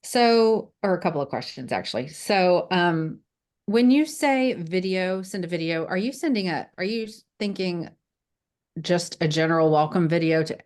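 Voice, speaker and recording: A woman's voice: fairly low pitch, expressive, moderate pace, darkish tone. A woman in a coaching group asking her coach hesitant questions over a video call. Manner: hesitant, asks questions in pieces. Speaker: coaching client.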